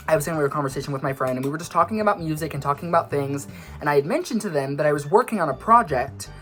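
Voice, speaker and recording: A man's voice: a little high, a bit bright. A young man talks to camera in a loose, rambling way, jumping from one tangent to the next and teasing himself as he goes. He sounds slightly out of breath throughout. Faint music plays underneath. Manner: scattered, tangent-prone, self-mocking. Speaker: vlogger and musician. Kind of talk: casual rambling monologue.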